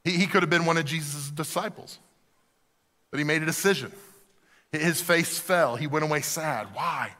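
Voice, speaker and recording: Pastor, male, high bright voice, animated sermon delivery, church reverb. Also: moderate pace, long pauses. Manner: animated preaching, dropping to soft emphasis. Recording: reverberant hall.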